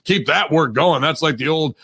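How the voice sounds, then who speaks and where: A man doing a comedic impression of a gruff, profane old wrestling company boss who rambles and calls everyone pal. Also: a little high, normal speed, pushed and bright, no echo, studio quality, full character voice. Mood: blustering.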